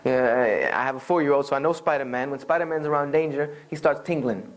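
A man in his thirties tells a humorous personal story to an audience, animated and acting out the people he quotes. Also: mid-range voice, a little fast. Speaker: Islamic speaker telling his conversion story.

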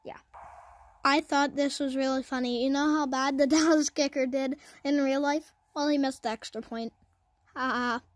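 A woman giving casual, self-mocking commentary over her own football video game, cheering in excited bursts. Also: sits high, moderate pace, dry recording. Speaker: gaming channel host.

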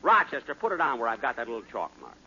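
A man's voice: mid-range voice, big pitch swings, fast, pushed and bright. A man hosting a radio comedy, playing exasperated and defensive in a 1940s radio acting style. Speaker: comedy show host. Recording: hissy lo-fi 1940s radio broadcast.

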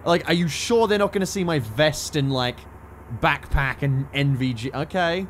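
An Australian man giving casual, sweary gameplay commentary with sudden shouted outbursts. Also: a little high, moderate pace, a little hiss or hum. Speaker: gaming streamer.

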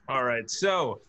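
A man's voice: mid-range voice, bright, forceful tone. A man running a tabletop game on a video-call stream, chatting casually, laughing often and tripping over names. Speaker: dungeon master.

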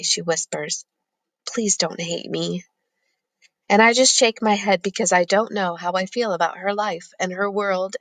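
A woman narrating a first-person novel in a measured, plain storytelling manner. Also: mid-range voice, fairly bright tone, no echo. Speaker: audiobook narrator.

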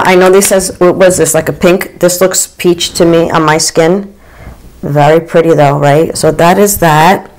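A woman in her forties or fifties chatting through a makeup routine, gushing with frequent excited oohs. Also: low-pitched, a little hiss or hum, rough recording. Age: 40s or 50s. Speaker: beauty vlogger. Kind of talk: casual makeup get-ready-with-me chat.

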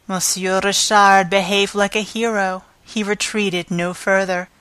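A woman narrating an audiobook in a measured, unhurried reading style. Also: medium pitch, flat delivery, a bit bright, no room sound.

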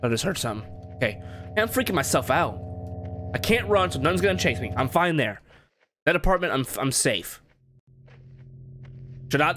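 A gameplay commentator working through a horror game yelps at the scares and keeps talking to himself, clearly jumpy. His voice is fairly high and a bit bright, with game music underneath and a little hiss or hum.

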